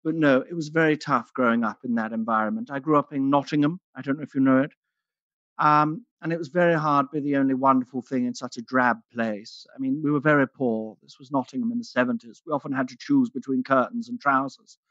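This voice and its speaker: A man's voice: mid-range voice, fairly even intonation, fairly quick, fairly bright tone, dry recording, close to an everyday voice. A man doing a stand-up character act as a vain, theatrical aging actress with a grand luvvie manner, calling everyone darling, on a dull, dry lo-fi recording. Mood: theatrical, grandiose. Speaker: character comedian.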